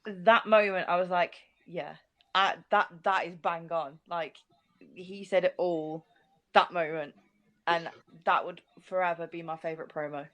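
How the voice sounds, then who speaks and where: A woman in a casual podcast chat, talking quickly and emphatically. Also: fairly low pitch, steady tone, fairly bright tone.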